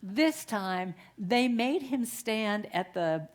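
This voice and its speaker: A middle-aged woman giving a storytelling sermon as a guest speaker, chatty and animated, often laughing. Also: mid-range voice, slow. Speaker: guest speaker at a spiritual center.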